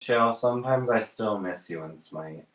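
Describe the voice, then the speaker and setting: A man co-hosting a casual family chat, telling animated stories with exaggerated asides. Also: lowish voice, a little slow. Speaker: podcast co-host. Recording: roomy, distant mic.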